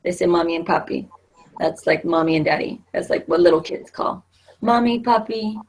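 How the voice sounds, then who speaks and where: A middle-aged woman teaches a Spanish class in a classroom, explaining each point patiently and circling back with fillers and restarts. Her voice is a little low and husky. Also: moderate pace.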